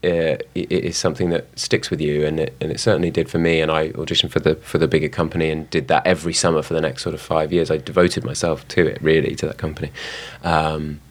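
A young man with a London accent talks in a casual interview. His voice sits very low, and he hesitates often, with fillers and restarts as he gathers his thoughts. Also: little pitch movement, fast, hardly any pauses. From southwest London, England. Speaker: actor, guest.

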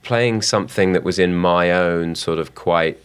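A young man with a London accent talks in a casual interview. His voice sits very low, and he hesitates often, with fillers and restarts as he gathers his thoughts. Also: measured pace, clean tone. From southwest London, England. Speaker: actor, guest.

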